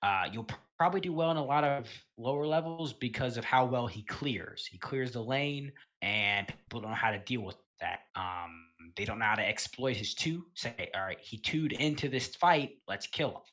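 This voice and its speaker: A man's voice: medium pitch, normal speed. A man giving casual, rambling commentary on a gaming tier list, full of fillers and self-corrections and the odd swear word. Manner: relaxed, offhand, occasional swearing.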